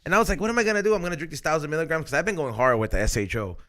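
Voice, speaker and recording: A man hosting a casual podcast, telling stories in an animated, slangy way, full of swearing. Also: a little high, very fast. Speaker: podcast host. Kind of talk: casual chat.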